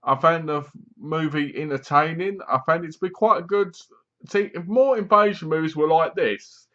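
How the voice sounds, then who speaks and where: This film review comes from a man at home in a squeaky chair, rambling casually as he acts out lines from scenes and breaks into laughter. He speaks at a moderate pace in a fairly bright voice on the high side. The recording is dull, lo-fi home audio.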